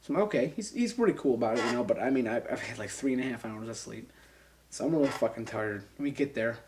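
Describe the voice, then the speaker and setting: A young man being interviewed, telling a casual, animated and profane anecdote and acting out the voices of the people in it. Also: medium pitch, quick pace, background noise. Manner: animated, profane, acts out voices and sound effects.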